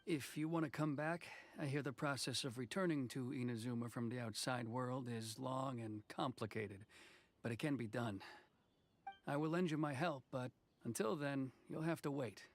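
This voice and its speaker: Actor as a reserved male official, game dialogue, measured delivery with a dry wit. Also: medium pitch, a little hiss or hum, close to an everyday voice. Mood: restrained.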